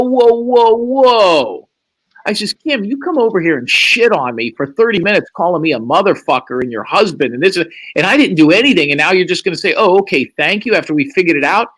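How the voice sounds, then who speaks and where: A man's voice: sits high, fairly bright tone, low-quality recording. A man telling a long, profane story as a guest on a live stream, acting out what other people said in a raised voice. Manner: profane, acts out quoted lines in a raised voice. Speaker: livestream guest. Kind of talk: animated storytelling.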